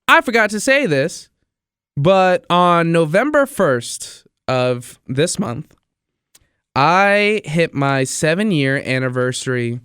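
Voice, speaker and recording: A man's voice: mid-range voice, a bit bright, smooth, no echo, studio quality. A young man hosting his own podcast, talking enthusiastically in a rambling, repetitive way. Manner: enthusiastic, rambling, repeats himself. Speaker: podcast host and radio DJ. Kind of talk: casual solo podcast monologue.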